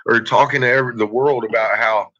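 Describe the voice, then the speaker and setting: Profane rambling man, bright tone. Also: mid-range voice, fairly even intonation, fast. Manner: profane, rambling, heavy cursing. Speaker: streamer chatting with viewers. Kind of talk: casual live-stream chat. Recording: dull lo-fi recording.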